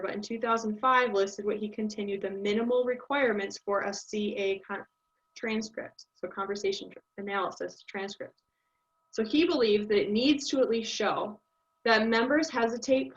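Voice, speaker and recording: A woman's voice: medium pitch, fairly bright tone. A young woman giving a casual class presentation, thinking aloud with many ums. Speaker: student presenter. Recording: dull lo-fi audio.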